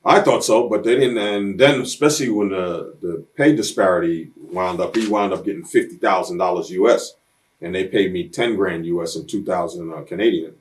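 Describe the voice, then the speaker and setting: A man's voice: sits low, a little fast. A man in a sit-down interview, telling blunt, streetwise stories and acting out other people's lines as he goes. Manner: blunt, streetwise storyteller who acts out quoted voices. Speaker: interview guest. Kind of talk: shoot interview storytelling.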